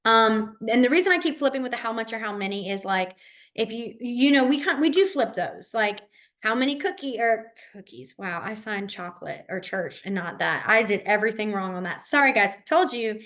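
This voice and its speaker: A young woman with a slightly high voice is teaching a beginner class in a relaxed, chatty way. She reassures her students often and breaks off into fillers and restarts. She speaks each sign aloud slowly, repeating it several times. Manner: says the signs aloud in slow repeated words.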